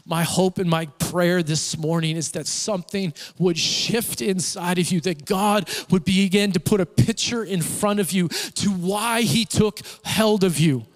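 A man preaching a Sunday sermon with emphatic, repeated phrases that build in intensity. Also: high-pitched. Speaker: pastor. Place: church hall. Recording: church hall reverb.

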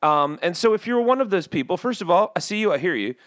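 Brief: man voicing cocky bird podcast host, comedy, rambling asides, lively bouncy voice, a touch high. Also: fast, no echo, studio quality. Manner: rambling, self-mocking, swings between loud and muttered asides. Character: brash judgmental male bird podcast host.

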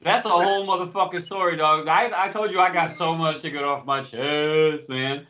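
A man's voice: on the high side, steady tone, normal speed, pushed and bright. A young adult man co-hosting a podcast, telling heated, profane stories in casual chat. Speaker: podcast co-host. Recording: dull lo-fi podcast audio.

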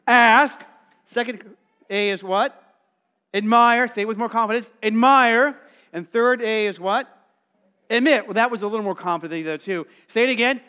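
A middle-aged male pastor preaching a sermon in a conversational, animated way, acting out quotes and calling on the congregation to answer. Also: high voice, fast talker, smooth. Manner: calls for congregation responses.

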